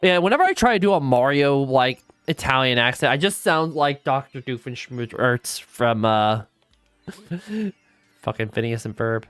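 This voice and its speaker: A woman's voice: very deep voice, expressive, measured pace, fairly bright tone, clean tone, no echo. A woman giving casual, rambling let's play commentary, swearing freely as she goes. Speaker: gaming streamer.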